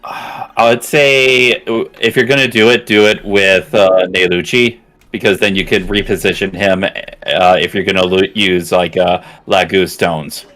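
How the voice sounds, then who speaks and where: A man's voice: deep voice, steady tone, measured pace, a bit bright, soft background music. A man on a friend's game stream, giving helpful, slightly hesitant gameplay advice. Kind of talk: casual gaming chat.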